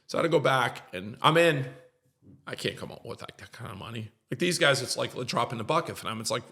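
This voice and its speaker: A man's voice: mid-range voice, expressive, fast talker, gravelly, sharp tone. A middle-aged man, a podcast guest, tells an emotional story in an earnest, repetitive way and gets choked up at times.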